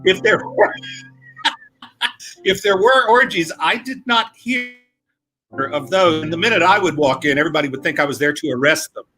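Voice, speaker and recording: A male comedian on a video call, telling stories in a lively chatty way with quick asides. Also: a little high, soft background music. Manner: animated, quick asides, acts out quoted voices. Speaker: comedian guest. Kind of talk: casual comic storytelling.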